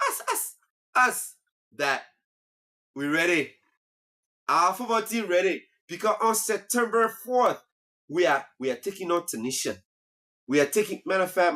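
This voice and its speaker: A man, hosting a casual comic talk show monologue and teasing as he goes. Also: high-pitched. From Liberia. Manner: animated, teasing, laughs at own jokes. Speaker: comedy talk show host.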